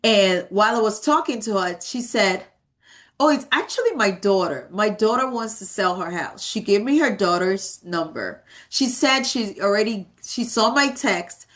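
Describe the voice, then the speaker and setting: Speaking at medium pitch and a moderate pace, she sounds animated and a bit bright. She's in her thirties, leading a realtor training session full of work stories, emphatic and given to repeating important words for motivation.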